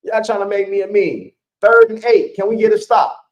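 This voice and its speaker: A man's voice: high voice, fairly even intonation, moderate pace, muffled recording. A man co-hosting a live sports stream, chatting casually in slang with his viewers and laughing often.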